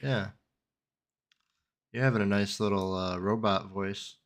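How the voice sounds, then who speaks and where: A man's voice: fairly low pitch, a little slow. Laid-back guy hosting a gaming chat, jokey, hums along while he works. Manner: relaxed, joking, hums to himself. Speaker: host of a gaming debrief. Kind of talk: casual chat.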